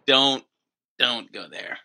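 A man's voice: medium pitch, takes it slowly, vocal fry, sharp tone. A man co-hosting a comedy podcast, telling wry anecdotes with casual swearing. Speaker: podcast co-host.

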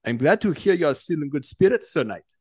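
A dutiful soldier lieutenant with a deep voice, formal and respectful toward his superior, as a man acts him out. It is a dry, close storybook read with no room sound. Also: very animated, a little fast, breathy edge, dry recording.

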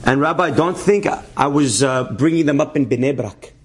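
A man's voice: moderate pace, breathy edge. A man giving a sermon as a story, acting out the people he quotes and mixing Hebrew words into his English. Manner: animated storyteller, acts out quotes with rising pitch, Hebrew terms sprinkled in. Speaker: rabbi telling a story.

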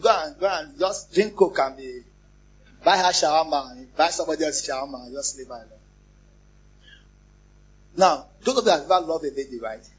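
A pastor, preaching a lively sermon, repeating phrases and joking with the congregation. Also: male voice, a little high, normal speed, long pauses, slightly rough. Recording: muffled, lo-fi church recording.

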